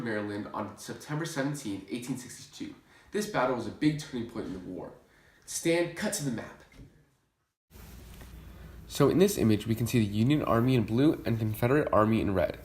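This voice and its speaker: A peppy male history video host, as a young man puts him on in a school skit. He lectures briskly with cheery energy, in a plain, mid-range voice. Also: mid-range voice, close to an everyday voice.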